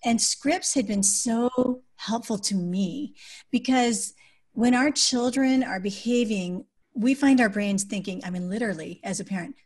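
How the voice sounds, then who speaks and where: On a podcast, a woman who is an adoptive parent and author explains parenting ideas through practical examples. Her voice sits a little high, moves a little slowly and has a breathy edge, softening to a calm tone whenever she quotes what she'd say to a child.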